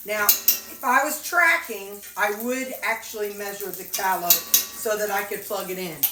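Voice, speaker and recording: A woman from Missouri, USA, vlogs from her home kitchen, cooking casually and folksily while chatting to her viewers and her dogs. Her mid-range voice moves a little slowly. The kitchen is echoey, a skillet sizzles, and the background noise is heavy.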